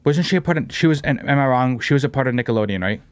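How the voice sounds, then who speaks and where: A man's voice: mid-range voice, animated, very fast, no room sound. A man hosting a casual podcast, brash and joking, swearing and saying "bro" and "dude" a lot. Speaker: podcast host.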